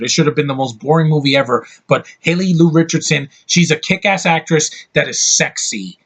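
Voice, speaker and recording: Husky, slightly high-voiced man ranting about a film, blunt and full of swearing. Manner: heated, profane, blunt ranting. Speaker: online movie reviewer. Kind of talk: angry movie rant.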